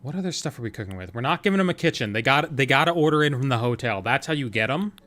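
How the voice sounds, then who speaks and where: A man's voice: mid-range voice, lively intonation, very fast, fairly bright tone, faint music behind. Chatty man streaming a game, thinking aloud. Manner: thinking aloud, chatty and playful, answering chat. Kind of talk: casual gameplay commentary.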